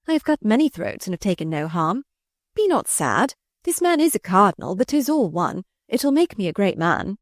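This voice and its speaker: A woman reading the part of a rough, boastful young man who drinks and brags of cutting throats, in archaic speech. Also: medium pitch, big pitch swings, normal speed, no echo, studio quality, lightly acted. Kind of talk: audiobook character reading.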